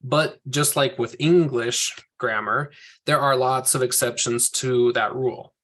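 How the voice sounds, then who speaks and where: A Hebrew teacher leads a language class over a video call, explaining the rules patiently, step by step. His voice is medium-pitched, steady, unhurried, and fairly bright in tone, in the manner of an online class lecture.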